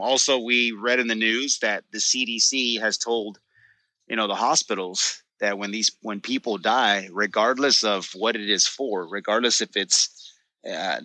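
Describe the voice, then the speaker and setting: A man's voice: fairly low pitch, bright, forceful tone, dry recording. A man co-hosting a podcast, explaining his views emphatically in casual conversation. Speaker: podcast co-host. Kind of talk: casual chat.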